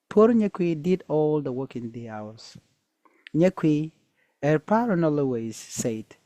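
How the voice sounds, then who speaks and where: Slow, hesitant male storyteller, dry and close. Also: on the high side, animated, mellow, no echo. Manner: hesitant, with many fillers. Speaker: storyteller and teacher. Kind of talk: reading a folktale aloud.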